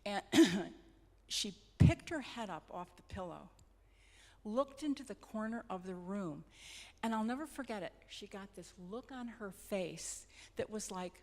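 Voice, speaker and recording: A middle-aged woman, a hospice nurse, telling personal stories in a gentle, reflective, sometimes halting way. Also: mid-range voice, lively intonation. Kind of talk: personal storytelling talk. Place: church hall. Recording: long hall reverb.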